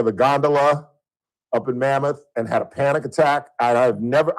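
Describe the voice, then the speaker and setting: On his radio show, a middle-aged host from Southern California tells stories in a casual, chatty way. When excitement takes over, his voice climbs and gets loud. The audio is of low quality.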